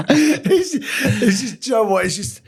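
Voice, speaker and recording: A man's voice: high-pitched, very animated, takes it slowly, husky. A man guest on a podcast, telling work stories in casual, swearing, laughing banter full of slang. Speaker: podcast guest, former scaffolder and boxer. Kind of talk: casual storytelling chat.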